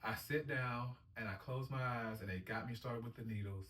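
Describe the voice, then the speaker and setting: A man's voice: medium pitch, moderate pace, fairly bright tone, slight background noise. A man, a dialysis patient, telling his story in an earnest, upbeat way, acting out quotes, recorded on a distant mic in a roomy space. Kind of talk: casual personal storytelling.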